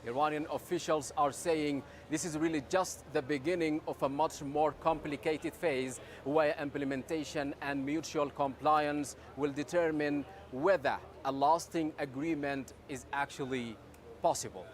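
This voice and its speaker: A man's voice: a little high, fairly even intonation, a little slow. A man news correspondent delivering a scripted report from a city street outdoors.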